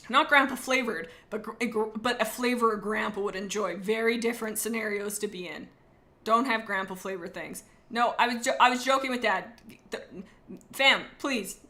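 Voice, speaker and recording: A woman with a bright, sharp voice talks in a loose, joking way, rambling from one thought to the next. She chats casually with her stream audience as the host. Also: a little high, moderate pace. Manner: rambling and jokey, chatting to viewers. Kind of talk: casual live-stream chat.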